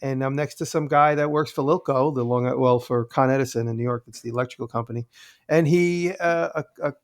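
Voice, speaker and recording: A man who works as a woodworker, a guest in a casual podcast chat, telling stories in an animated way. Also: medium pitch, a little fast. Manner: animated storyteller acting out voices.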